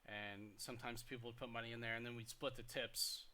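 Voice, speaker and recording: A young man co-hosting a podcast, telling work stories in casual chat, getting loud and animated when he quotes people. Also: mid-range voice, fairly quick. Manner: animated, rises loud when quoting people, stammers restarts. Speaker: podcast co-host.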